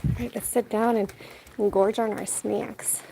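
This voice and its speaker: A woman's voice: medium pitch, level tone, measured pace, gravelly. A woman chatting casually on a food vlog, laughing often and retelling what others said, outdoors on a street. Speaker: food vlogger. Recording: noisy outdoor street sound. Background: street noise and wind.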